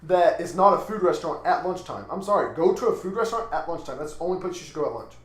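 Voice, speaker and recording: A man's voice: fairly high pitch, expressive, fast. A young man with a Texan accent, telling a story and ranting in a casual, profane podcast chat. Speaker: podcast co-host. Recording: echoey room.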